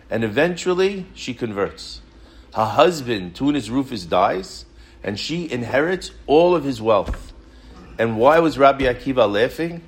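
A man teaching a Torah class, telling stories in an animated way and asking many rhetorical questions. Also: mid-range voice.

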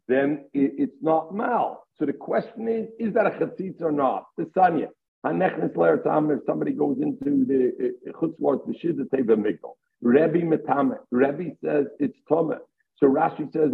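A man's voice: on the high side, gravelly. A man giving a Talmud lesson, explaining step by step and weaving Hebrew and Aramaic terms into his English. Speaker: Talmud teacher. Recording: tinny phone-line audio.

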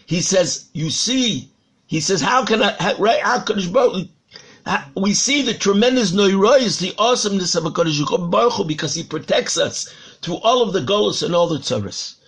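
A man's voice: sits high, animated, moderate pace, fairly bright tone, breathy edge. A man, a rabbi, giving a Torah sermon, telling a parable dramatically and repeating words for emphasis.

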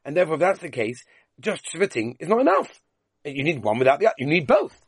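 A man's voice: a little high, sing-song, quick pace, slightly rough, no echo. A man leading a Talmud class, reading the Aramaic text aloud and explaining it in with frequent questions. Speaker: Talmud teacher.

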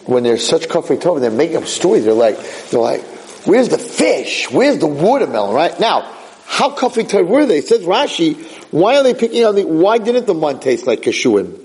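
Animated man teaching a Torah class. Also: moderate pace, poor audio. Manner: animated, acts out quotes with sudden high outbursts; mixes in Hebrew phrases.

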